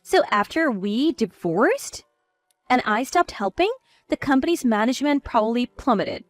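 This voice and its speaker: A woman's voice: fairly high pitch, animated, moderate pace, dry recording. A woman narrating a first-person story in a cool, firm manner.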